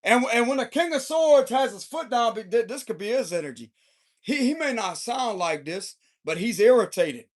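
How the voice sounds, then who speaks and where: A man's voice: very high-pitched, expressive, moderate pace. A man giving an unscripted tarot reading in a heated, confrontational and profane way. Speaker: tarot reader.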